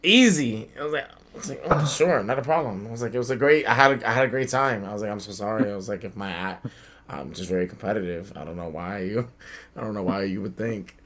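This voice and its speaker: A young man from the Bronx spins a childhood story on a casual podcast. His voice is low and bright, and he talks with lively, loose energy, swearing and playing out each quote. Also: quick pace, a little hiss or hum. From the Bronx, New York. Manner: animated, swears a lot, acts out quotes. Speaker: podcast co-host. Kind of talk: casual storytelling among friends.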